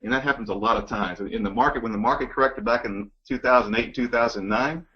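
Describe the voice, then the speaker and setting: A man talking in a measured, reflective way during a casual business conversation. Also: medium pitch, dull audio.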